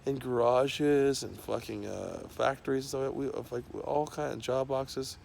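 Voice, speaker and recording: A man's voice: medium pitch, fairly even intonation, unhurried, gravelly, darkish tone, a little hiss or hum. A man talking in a loose, rambling monologue, swearing constantly and trailing off into fillers and restarts.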